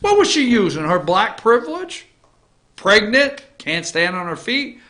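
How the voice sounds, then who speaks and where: A middle-aged man hosting an opinion talk show, ranting combatively and swinging between loud and low. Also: big pitch swings, measured pace.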